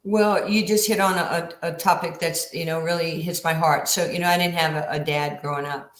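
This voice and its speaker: A woman in her sixties telling stories as a guest on a podcast, animated and acting out the lines of other people. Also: low-pitched, fairly quick. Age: 60s. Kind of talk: storytelling in a podcast interview. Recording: roomy echo.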